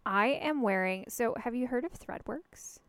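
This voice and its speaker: A woman's voice: on the high side, expressive, moderate pace, fairly bright tone, a little hiss or hum. A young adult woman co-hosting a casual chat podcast, telling stories enthusiastically with lots of likes. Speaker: podcast co-host.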